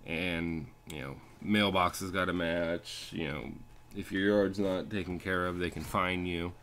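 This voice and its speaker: Man, deep low voice, young adult, casual profane rant, storytelling, faint background noise. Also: steady tone, unhurried, a bit bright. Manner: profane, ranting. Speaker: landscaping crew leader. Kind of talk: casual storytelling over gameplay.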